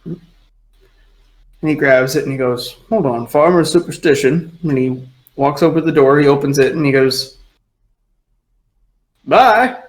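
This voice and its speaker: A man's voice: mid-range voice, flat delivery, normal speed, pauses often, rough recording. Guy running a tabletop game, rambly casual gm narration, lots of likes and sort ofs. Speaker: game master.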